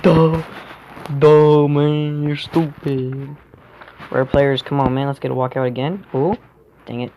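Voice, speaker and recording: A young man commentating a game pack opening, jumping from quiet mumbling to loud, high yelling. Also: a little slow, smooth, highs cut off. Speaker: gaming YouTuber.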